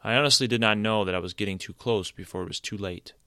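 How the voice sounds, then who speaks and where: A commanding old wizard trapped in a tree stump, firm and insistent, with a fairly low voice, as a male storybook reader plays him. The sound is dry and close. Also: fast talker, pushed and bright, no room sound. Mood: innocent.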